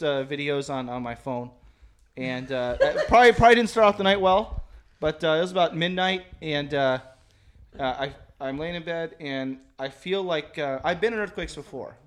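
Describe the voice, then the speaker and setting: A man chatting among friends on a podcast, his voice sitting a touch high. He tells a long story in a loose, profane way and keeps stopping to restart with fillers. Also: animated, normal speed, a bit bright. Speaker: podcast co-host. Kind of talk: casual chat, telling a story.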